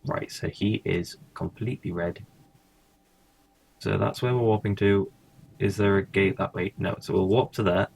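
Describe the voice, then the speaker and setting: Low gravelly man commenting on a game. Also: steady tone, moderate pace, a little mellow. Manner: muttering, swears casually, thinks aloud. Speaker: gaming streamer. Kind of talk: casual gameplay commentary.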